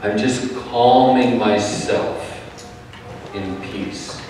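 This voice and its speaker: A man preaching a sermon in a calm, measured way, often dropping his voice softly. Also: lowish voice, a little hiss or hum. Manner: calm, measured preaching with soft drops in volume. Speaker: pastor. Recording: echoey hall, speaker far from the mic.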